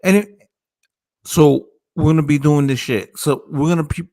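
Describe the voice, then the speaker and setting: A man's voice: on the high side, steady tone, moderate pace, a little mellow. A man hosting a casual boxing chat on a group call, rambling loosely with lots of profanity while faded. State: high, faded.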